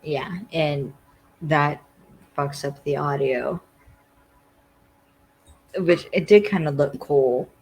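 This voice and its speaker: Podcast co-host, casual episode recap, rambling, lots of fillers, mid pitch, faint noise behind. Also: slow pace, long pauses, poor audio. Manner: rambling retelling full of "like" fillers.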